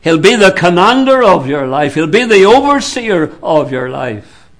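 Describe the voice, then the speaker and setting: A man preaching a sermon in a slow, deliberate way, with sudden drops to a hushed voice. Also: high voice, big pitch swings.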